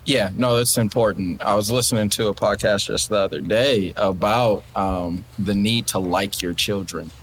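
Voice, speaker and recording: A man's voice: fairly low pitch, moderate pace, few pauses, slight background noise, rough recording. A man talking candidly and reflectively as a podcast guest. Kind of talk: casual podcast chat.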